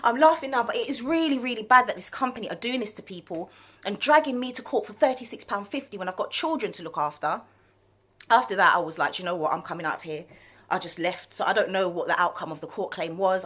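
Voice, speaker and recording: A woman's voice: medium pitch, fast talker, a bit bright, husky. A woman, a vlogger and mum, telling a story to camera in an indignant, rambling way. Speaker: vlogger and small business owner. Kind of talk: casual chat to camera.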